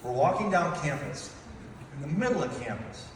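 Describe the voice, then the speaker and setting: A man's voice: fairly high pitch, expressive, normal speed. A man in his fifties giving a playful, teasing wedding toast as father of the bride. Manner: playful, teasing, acts out voices. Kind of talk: comic wedding speech storytelling. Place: large wedding reception hall. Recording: echoey hall, distant mic, room noise.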